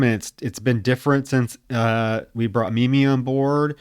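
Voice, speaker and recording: Dude recapping a horror flick, quotes the characters, dry close sound. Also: male voice, mid-range voice, fairly even intonation, moderate pace, hardly any pauses, clear, resonant tone, no echo. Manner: retells scenes with acted-out quotes from the characters. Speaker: podcast co-host. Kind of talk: casual film review chat.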